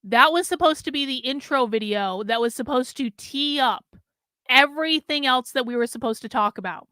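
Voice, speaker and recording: Woman, vlogger, exasperated rant, profane, repetitive, high voice, dry close recording. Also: normal speed, sharp tone, smooth, no echo. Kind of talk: ranting vlog.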